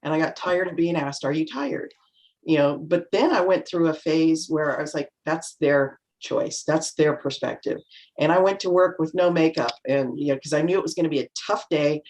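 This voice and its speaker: A middle-aged woman on a video call, chatting reflectively as a panel guest and acting out remarks in lively voices. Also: low-pitched, brisk, few pauses. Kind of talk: casual chat.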